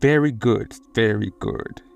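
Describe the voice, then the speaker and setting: A man voicing a large, formal male resort concierge who speaks slowly and politely in a spoken horror story. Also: lowish voice, vocal fry. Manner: slow, formal, measured.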